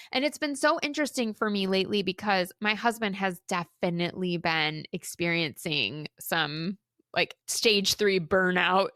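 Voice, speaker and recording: Solo podcast host, woman in her thirties, animated storyteller, dry studio sound. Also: on the high side, dry recording. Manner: chatty, candid, animated storytelling. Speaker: podcast host and career coach.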